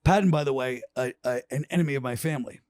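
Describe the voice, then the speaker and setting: On a podcast, a man with a mid-range, slightly mellow voice chats casually and fast, spinning rambling stories and acting out the quotes. There's no room sound.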